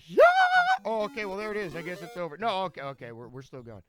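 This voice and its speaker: A man's voice: on the high side, animated, quick pace. A man commentating his own game run live, rambling and joking with frequent stammered restarts.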